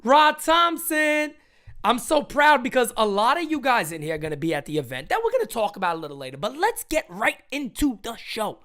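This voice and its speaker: Male livestream host, high voice, very lively swings in pitch, hyped fan talk. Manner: hyped, rapid shout-outs, frequent restarts.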